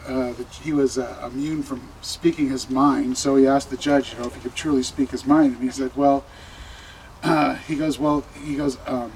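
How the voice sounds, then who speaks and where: A man who works as a barber, speaking at a memorial gathering, telling anecdotes with many fillers and pauses. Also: medium pitch, fairly even intonation, darkish tone, some chatter behind, a little hiss or hum, poor audio. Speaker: barber giving a eulogy. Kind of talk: memorial speech. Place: funeral gathering room.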